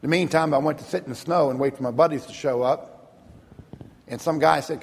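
A man, a minister, telling his personal testimony in an earnest, vivid storytelling manner, slowing down for emphasis. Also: mid-range voice, vocal fry, big-room sound, a little hiss or hum.

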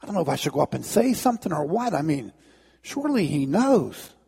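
A man's voice: a little high, big pitch swings, fairly quick, creaky, mellow, breathy edge, full character voice. A man voicing a frightened, desperate ordinary man who pleads in a sermon story. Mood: shaken.

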